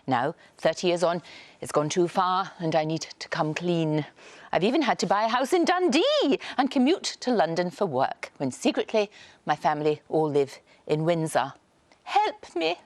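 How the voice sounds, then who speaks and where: A woman's voice: lowish voice, very animated, normal speed, no room sound. A woman playing a morning TV presenter confessing in a comic video message. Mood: mock-confessional. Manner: mock-confessional, theatrical.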